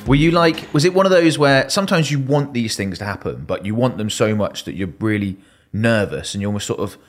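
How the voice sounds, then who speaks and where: Fast-talking host, low voice. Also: male voice, animated. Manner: encouraging, frequent agreement. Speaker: podcast host. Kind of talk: interview, ad read.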